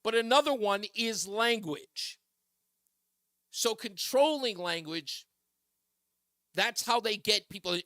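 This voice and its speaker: A man hosts a talk radio show, riffing on the news and taking calls with animated, mocking energy. His voice sits high and sounds bright and forceful. The studio sound is close and dry. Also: no room sound.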